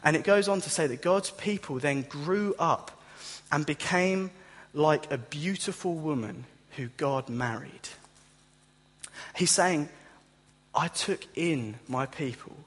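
Male preacher, higher-pitched, husky, animated delivery, long hall reverb. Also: slow. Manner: animated, acts out startled listeners in a higher voice. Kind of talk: sermon.

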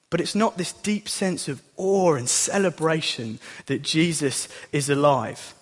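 High-voiced young preacher. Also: male voice, a little slow, hardly any pauses. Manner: chatty and self-deprecating. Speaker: youth leader preaching. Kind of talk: sermon. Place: church hall. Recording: long hall reverb.

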